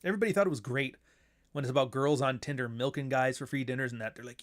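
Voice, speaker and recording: A man's voice: mid-range voice, fast. A man hosting his own show in a casual monologue, blunt and profane, who now and then mocks others in put-on voices. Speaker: show host.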